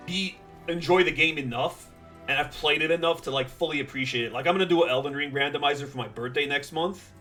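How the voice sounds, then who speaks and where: Over soft background music, a man streams a game and chats casually with viewers, rambling with plenty of fillers and dry, sarcastic asides. He talks fast, in a slightly high, pushed and bright voice.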